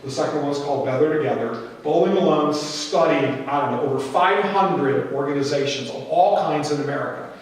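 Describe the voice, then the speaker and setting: A middle-aged man with a fairly high voice gives an animated conference talk and slips into anecdotes. He sounds far from the mic, and his voice rings out with a long hall reverb. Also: fairly quick, few pauses. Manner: storytelling, animated, acts out quoted voices. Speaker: conference speaker. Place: large hall. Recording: echoey hall, distant mic.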